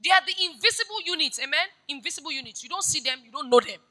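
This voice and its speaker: A woman pastor preaching a sermon. She moves between hushed storytelling and loud, urgent exhortation. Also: high-pitched, animated, very fast, low-quality recording.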